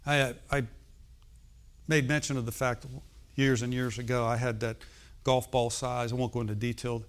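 A man's voice: mid-range voice, level tone, normal speed, clear, resonant tone. A middle-aged man preaching a sermon in a conversational way, often checking in with "okay?" and "amen". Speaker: pastor.

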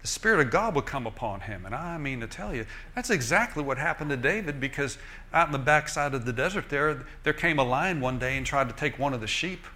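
Guy preaching, folksy and jokey, bright ringing voice, keeps asking amen. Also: mid-range voice, a little fast. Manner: lively, folksy, joking, asks "Amen?". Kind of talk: sermon.

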